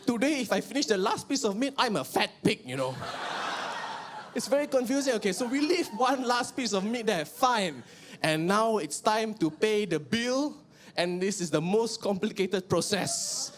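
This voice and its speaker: High-voiced Malaysian man doing stand-up. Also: normal speed. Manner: animated, switches into mimicked relatives and bursts of shouting. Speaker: stand-up comedian. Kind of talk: stand-up comedy set. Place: live comedy venue with audience.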